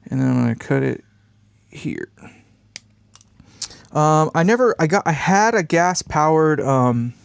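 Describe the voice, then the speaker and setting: A man's voice: medium pitch, gravelly, dry recording. A man with congested sinuses chatting in a rambling, laid-back way while building an amp on a live stream, swearing casually and chuckling often.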